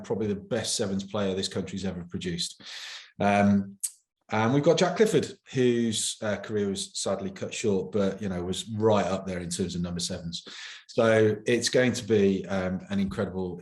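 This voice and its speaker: A man's voice: lowish voice, moderate pace, a little mellow. A man, the event organizer, chatting casually and joking in a promotional interview. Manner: chatty, joking, self-deprecating. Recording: roomy echo.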